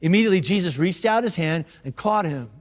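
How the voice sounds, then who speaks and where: A man's voice: high voice, expressive, quick pace, in a large hall. A man preaching a sermon as a pastor, talking casually and conversationally with slang and restarts.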